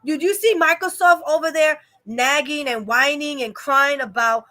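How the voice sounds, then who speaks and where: Young adult woman vlog host, high and bright, rambling and opinionated. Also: moderate pace, hardly any pauses. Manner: opinionated, rambling rant with many fillers. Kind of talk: casual live-stream chat.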